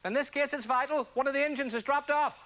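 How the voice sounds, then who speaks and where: A man putting on a bumbling male airline captain, giving slow, deliberate announcements. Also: very high voice, fairly even intonation, background noise. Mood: pompous announcing.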